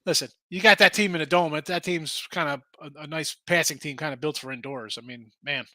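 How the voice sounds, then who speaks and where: A man's voice: fairly high pitch, fairly quick, bright, forceful tone, no echo. A man hosting a casual sports betting show, arguing picks animatedly and reading chat comments aloud.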